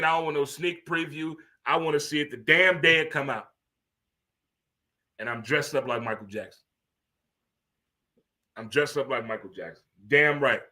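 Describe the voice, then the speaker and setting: Man in his fifties, host, bright forceful delivery, voice sits a bit high. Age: 50s. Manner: animated, preachy, swearing, laughing asides. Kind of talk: casual radio-style monologue.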